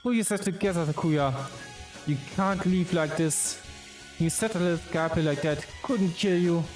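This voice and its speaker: A man's voice: fairly high pitch, normal speed, a little mellow, reverberant, faint music behind, pitched above the performer's own voice, lightly acted. A man voicing a proud young male pigeon noble, reading his lines in a raised, pleading voice.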